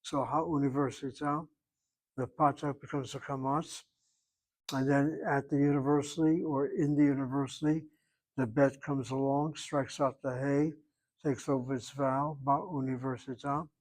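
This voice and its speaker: A man's voice: mid-range voice, little pitch movement, moderate pace, darkish tone, rough recording. An older man teaching a Hebrew class, explaining grammar patiently and repeating his points. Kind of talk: online class lecture.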